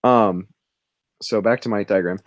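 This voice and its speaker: A man's voice: fairly low pitch, unhurried, no room sound. A young man co-hosting a livestream, telling a rambling story while he draws, often cutting himself off and laughing. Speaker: livestream co-host drawing. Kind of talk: casual storytelling.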